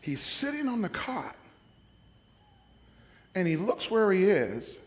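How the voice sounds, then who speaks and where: A man preaching a sermon as pastor, dramatic, swinging from hushed asides to shouts. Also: high-pitched, wildly swooping pitch, slow, big-room sound.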